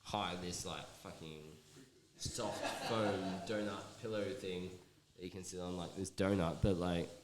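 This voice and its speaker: Deep-voiced man telling a rambling story. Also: steady tone, a little slow, background noise. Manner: rambling, swears often, many fillers. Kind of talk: casual storytelling chat.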